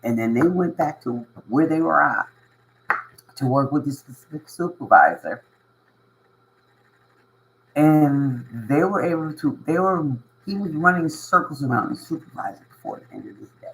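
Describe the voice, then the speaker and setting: A man's voice: on the high side, lively intonation, moderate pace, long pauses, a bit bright, rough recording. A man giving a casual motivational monologue to his viewers as a spiritual channel host. He is earnest and emotional, repeats himself for emphasis and often chuckles. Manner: emphatic and repetitive, with frequent chuckles and "you know what I mean".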